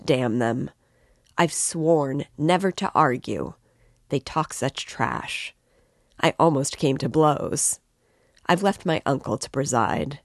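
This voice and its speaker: A woman reading the part of an excitable, tipsy young man who rambles and declaims with passion. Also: low-pitched, no room sound, studio quality, heavily acted. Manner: impassioned, rambling, emphatic.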